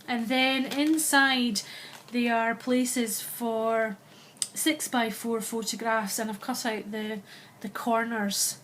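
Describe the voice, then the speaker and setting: A Scottish woman casually walking through her handmade album, chatty and unhurried, often pausing to find the right word. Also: fairly high pitch, steady tone, fairly bright tone, slight background noise. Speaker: crafter showing a handmade album. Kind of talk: casual show-and-tell walkthrough.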